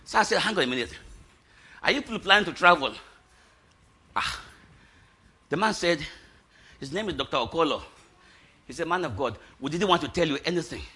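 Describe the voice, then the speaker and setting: A middle-aged pastor delivers an animated testimony sermon, shouting at the high points and laughing between lines. He talks briskly, takes long pauses, and has a breathy edge to his voice.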